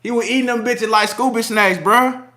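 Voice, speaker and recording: A man's voice: extremely high pitch, fairly even intonation, moderate pace, sharp tone. A man hosting a casual boxing livestream, reading super chats with slangy, laughing banter.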